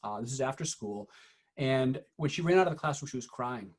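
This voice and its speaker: A middle-aged man speaks in a husky, mid-pitched voice as he leads a training session for teachers. He tells true stories from his school years earnestly and often pauses to restart his sentences. His tone stays quiet and serious when he recounts hard moments. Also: animated. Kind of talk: recorded training talk with personal stories.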